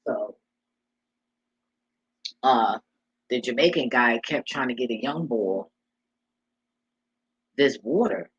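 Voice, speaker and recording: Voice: medium pitch, moderate pace, husky, no echo, highs cut off. A vlogger giving life advice in a casual monologue, blunt and profane, with a preachy street-talk manner.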